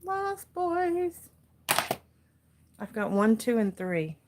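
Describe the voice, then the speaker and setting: A woman's voice: a little high, big pitch swings, extremely slow, background noise. Chatty American woman streaming live from home. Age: 40s. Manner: chatty, easily distracted, laughs often. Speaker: crafting livestream host. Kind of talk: casual live chat. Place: dark room at home.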